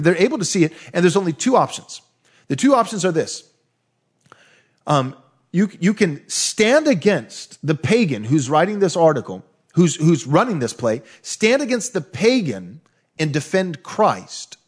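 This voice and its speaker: Man, fairly high husky voice, animated pitch, affirming co-host, conversational commentary. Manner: affirming, quotes scripture while arguing. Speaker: podcast co-host.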